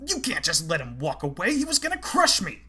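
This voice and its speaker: A man's voice: a little high, huge pitch swings, a little fast, pushed and bright, husky, pitched above the performer's own voice, full character voice. A man voicing a cowardly, panicked male officer who stammers and shrieks.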